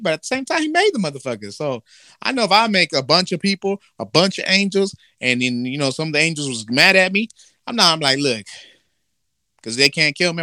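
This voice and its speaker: Man, casual comedic chat, lively pitch, bright, profane, acts out characters. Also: no echo, clean studio sound. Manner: animated storytelling, acts out voices, profane.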